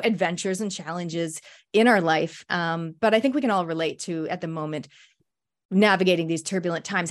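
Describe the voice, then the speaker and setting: A woman hosting an interview show, talking with effusive, gushing enthusiasm. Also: mid-range voice. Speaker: show host.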